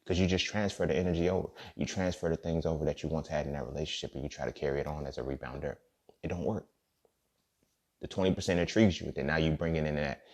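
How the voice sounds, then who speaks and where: A man's voice: extremely low pitch, a little mellow. A man hosting a podcast, telling a personal story in a loose, slangy, profane way and often checking in with "you feel me.". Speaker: podcast host. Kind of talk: casual storytelling monologue.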